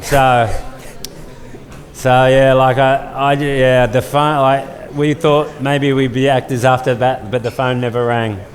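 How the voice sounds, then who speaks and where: A man's voice: mid-range voice, little pitch movement, slow. A man in his fifties with an Australian accent, telling a story casually with many fillers and restarts. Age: 50s. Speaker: guest storyteller. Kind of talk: casual storytelling at a live event. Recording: long hall reverb.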